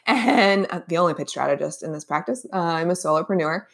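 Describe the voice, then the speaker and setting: A woman's voice: lowish voice, steady tone, normal speed, gravelly, hardly any pauses, a bit bright. A woman hosting her own podcast, telling a personal story in a casual, chatty way with many fillers and restarts. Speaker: podcast host. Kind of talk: casual solo podcast talk.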